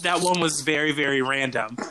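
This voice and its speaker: A man's voice: fairly high pitch, background noise. A man, a podcast guest, telling casual stories and often breaking into laughter. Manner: laughing, lively anecdotes with fast asides. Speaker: podcast guest, camp alumnus. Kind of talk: casual storytelling chat.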